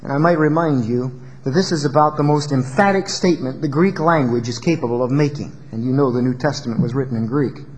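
A male pastor preaching a sermon in an emphatic style, rising to loud peaks and dropping low. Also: fast talker, big-room sound.

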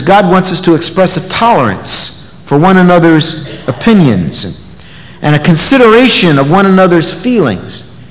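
A man preaching an expository sermon, animated, acting out the voices of the people in the passage. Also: sits high. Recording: long echoey hall reverb.

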